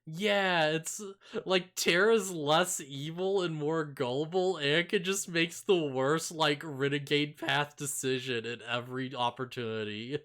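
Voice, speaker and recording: A man's voice: a little high, unhurried, fairly bright tone. A man co-hosting a casual podcast chat, rambling with lots of filler words and laughing often. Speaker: podcast co-host.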